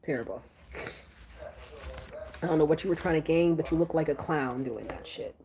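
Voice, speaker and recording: Low-voiced exasperated New woman. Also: normal speed, warm tone, rough recording. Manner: blunt, exasperated storytelling with frequent sighs. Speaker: vlogger. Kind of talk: casual chat to camera.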